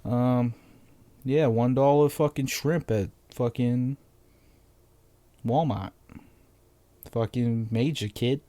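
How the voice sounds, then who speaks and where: A man's voice: medium pitch, takes it slowly, pauses often, warm tone, dry recording. Profane, rambling Massachusetts man. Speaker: podcast host. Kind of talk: casual solo podcast rant.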